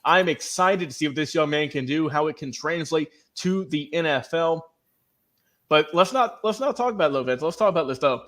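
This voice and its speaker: A male co-host on sports talk radio, his voice sitting a little high for a man. He works through a roster in an easy, conversational rundown and then hands the discussion to his partner. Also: a bit bright.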